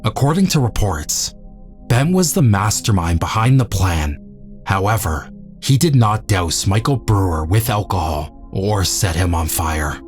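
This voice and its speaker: A man giving scripted true-crime narration in a measured, sober way. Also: sits low, expressive, soft background music.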